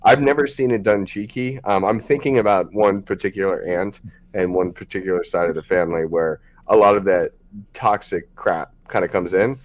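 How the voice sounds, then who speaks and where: A man's voice: low-pitched, fairly even intonation, moderate pace. A man hosting a podcast, talking frankly in a loose, rambling way with many fillers. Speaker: podcast host. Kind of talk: casual podcast chat.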